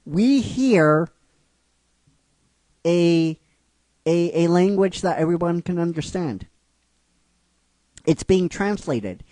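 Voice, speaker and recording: Slow, halting male storyteller. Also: a little high, animated, mellow, dry recording. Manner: halting, with many restarts and fillers. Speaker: narrator of a fan script. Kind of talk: casual storytime narration.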